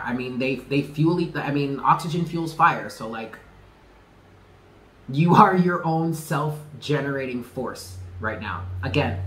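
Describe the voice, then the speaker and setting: A man with a mid-range, slightly bright voice gives his viewers a casual tarot reading, effusive and emphatic, laughing often and swearing freely. The recording sounds like an echoey room with faint background noise.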